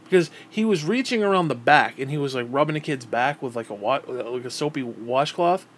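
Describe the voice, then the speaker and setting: A man's voice: medium pitch, lively intonation, fairly quick, a little hiss or hum. A man in his thirties telling a childhood memory in a casual, rambling way, cursing often and stumbling over repeated words. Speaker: vlogger. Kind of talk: casual storytelling.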